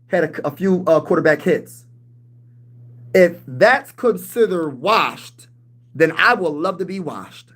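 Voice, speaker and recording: A man's voice: a little high, animated, slow, a bit bright. A man in his thirties hosting a casual live-stream sports talk show, hyped and slangy as he reads and answers chat. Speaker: sports channel host.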